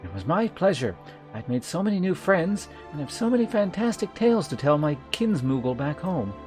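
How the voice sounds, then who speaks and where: A man's voice: fairly high pitch, big pitch swings, normal speed, a little mellow, soft background music, pitched above the performer's own voice. A man voicing a cheerful little moogle.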